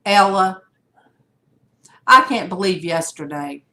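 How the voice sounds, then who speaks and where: Slow-talking older woman livestream host. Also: lowish voice, pushed and bright, slight background noise. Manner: chatty, rambling, greets viewers by name. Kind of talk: casual livestream chat.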